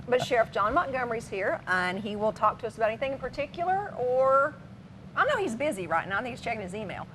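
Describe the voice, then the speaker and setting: A woman's voice: fairly high pitch, sing-song, fast, a bit bright, a little hiss or hum. A middle-aged woman co-hosting a local TV talk show in a studio, chatting playfully and teasing her co-host. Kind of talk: casual studio chat.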